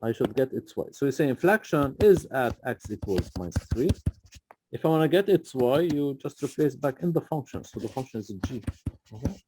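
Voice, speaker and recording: A man's voice: medium pitch, lively intonation, fairly quick, slight background noise. A man tutoring a student through a math problem, patient and often checking in with "okay?". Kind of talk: live tutoring session.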